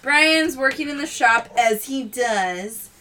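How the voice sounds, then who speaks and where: A woman's voice: high-pitched, expressive, slow, sharp tone, distant mic, slight background noise. A woman co-hosting a podcast, bluntly recapping a film with swearing and jokes. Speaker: podcast co-host. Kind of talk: casual chat recapping a film.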